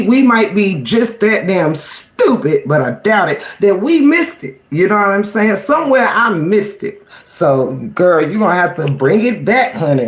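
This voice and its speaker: Sassy, high-voiced man in an echoey room. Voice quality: sassy, emphatic, calls listeners honey and girl. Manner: reads chat aloud and greets viewers. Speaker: livestream host. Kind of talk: casual livestream commentary.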